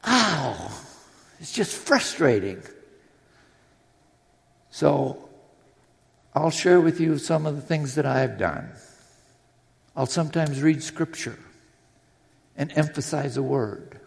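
This preacher's voice is a little high and creaky, and he talks slowly with long pauses. In a church sanctuary recorded with long hall reverb, he gives an earnest, personal sermon that includes scripture readings.

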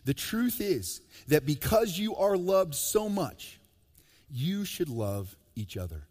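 A man preaching a sermon as pastor, animated and joking, swinging between emphatic loud lines and soft low ones. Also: takes it slowly. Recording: long reverb of a large hall.

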